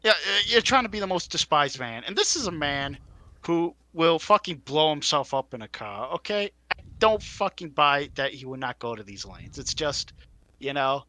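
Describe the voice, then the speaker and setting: A man co-hosting a casual podcast, riffing in an animated way with profanity and mocking impressions. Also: on the high side, moderate pace. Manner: animated, profane, riffs with mocking put-on quotes. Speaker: podcast co-host. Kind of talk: casual chat.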